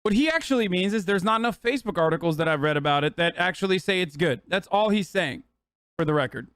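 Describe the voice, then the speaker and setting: A man's voice: high-pitched, lively intonation, fast talker, a bit bright, clean tone, no room sound, studio quality. A man streaming live, reacting to clips with a heated, profane rant.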